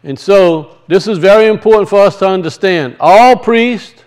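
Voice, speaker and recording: A man's voice: high voice, normal speed, darkish tone, clean tone. A man teaching the weekly Torah portion as a sermon, earnest and repeating key phrases for his listeners. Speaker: Bible teacher.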